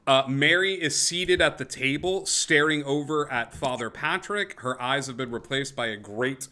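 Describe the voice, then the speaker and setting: Game master, male, bright tone, rambling descriptive narration with frequent fillers. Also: mid-range voice, normal speed. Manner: descriptive, with many fillers and restarts. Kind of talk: narrating a tabletop game over a call.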